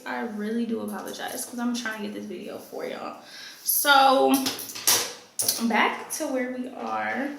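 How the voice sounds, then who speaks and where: A young woman tells a storytime vlog straight to her viewers, animated and swearing freely as she keeps calling them y'all. Her high voice is bright and edged with vocal fry. The room around her is very echoey. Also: slight background noise. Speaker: vlogger.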